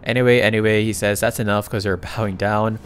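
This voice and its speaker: A man narrating a comic recap in a casual, excitable way, often breaking into exclamations. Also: lowish voice, a little fast, a little hiss or hum.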